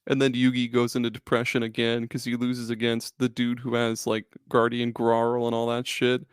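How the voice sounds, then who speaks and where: A man's voice: mid-range voice, monotone, normal speed, clear, resonant tone, no room sound, clean studio sound. A man hosting a podcast in casual chat, loose and profane, laughing often and restarting his sentences. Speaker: podcast host.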